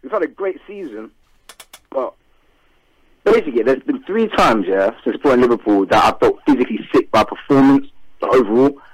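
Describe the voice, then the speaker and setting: A man's voice: medium pitch, animated, moderate pace, husky, dry recording, rough recording. A man calling into a football fan show, ranting with frustration about his team. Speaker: caller. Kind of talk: fan phone-in rant.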